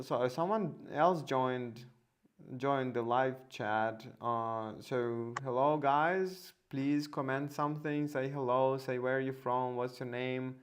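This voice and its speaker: A man's voice: medium pitch, fairly bright tone, smooth. A man hosting a casual live stream, talking hesitantly with many fillers and restarts. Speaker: host.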